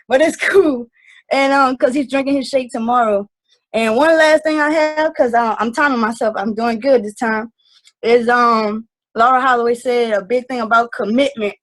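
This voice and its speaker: A woman's voice: sits high, low-quality recording. A woman giving a casual testimonial on a video call, earnest and rambling, with lots of fillers. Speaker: team member sharing takeaways.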